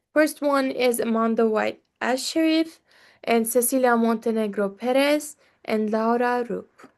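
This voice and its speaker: Slow, high-voiced young woman presenting. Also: darkish tone. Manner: careful, with many fillers and pauses. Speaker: student presenter. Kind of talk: class presentation.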